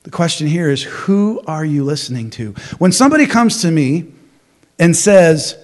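A man preaching a sermon as pastor, animated, acting out crowd voices, with many restarts. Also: on the high side, moderate pace.

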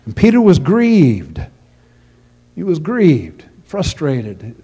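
A man's voice: on the high side, wildly swooping pitch, takes it slowly, warm tone, breathy edge, long reverb tail. A man preaching a sermon with earnest storytelling, often repeating his words as he goes. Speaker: pastor.

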